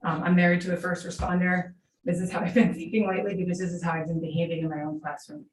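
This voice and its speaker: At a school board meeting in a large room, a veteran middle school teacher in her 40s gives an earnest, heartfelt public comment, telling her story unscripted. Her voice is on the low side, flat and fast. The sound is echoey from a distant mic, with faint hiss.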